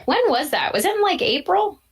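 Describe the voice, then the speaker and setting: A woman in her twenties co-hosting a live podcast, chatting and reacting quickly. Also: very high voice, big pitch swings. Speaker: podcast co-host. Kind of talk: casual chat.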